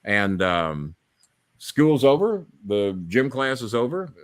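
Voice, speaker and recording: This man speaks slowly at a medium pitch, with no room sound in the recording. As host of a live-streamed podcast, he's an animated storyteller whose long, casual tales are profane and rambling.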